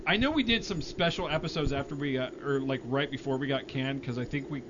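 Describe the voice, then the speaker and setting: A man's voice: medium pitch, fairly quick. Laid-back man hosting a podcast, lo-fi. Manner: laid-back, self-mocking, crude jokes. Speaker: podcast host. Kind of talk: casual chat. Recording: lo-fi with clear noise.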